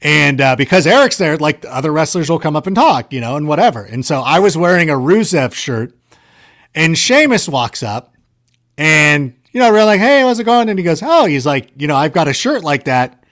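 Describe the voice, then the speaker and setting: A man casually telling stories on a podcast, animated and self-deprecating, filling his talk with "like" and "you know". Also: fairly high pitch, moderate pace. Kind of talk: casual storytelling chat.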